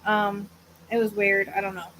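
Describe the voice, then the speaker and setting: A woman speaks at normal speed in a medium, slightly bright voice with little pitch movement. Hosting a psychic medium livestream from home with a fan running, she chats casually in a weary, hesitant, rambling style, full of fillers and the occasional yawn. The low-quality recording carries a little hiss or hum.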